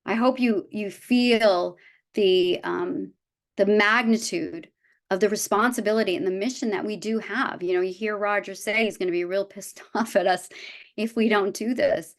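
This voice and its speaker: A woman's voice: mid-range voice, normal speed. A woman in her fifties giving a heartfelt motivational talk to a live audience of her business team, earnest and often restarting her sentences. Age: 50s. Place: event room with a live audience.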